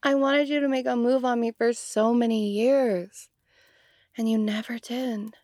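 A woman's voice: fairly high pitch, steady tone, a little slow, a little mellow, no room sound, clean studio sound. A young woman performing an audio role-play to the listener, talking casually and giggly, with lots of "like".

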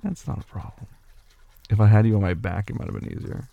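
A young man playing a caring boyfriend who puts his sleepy partner to bed, gentle and reassuring with soft teasing, in a boyfriend role-play audio. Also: on the low side, lively intonation, quick pace, gravelly, phone-quality sound. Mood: tender.

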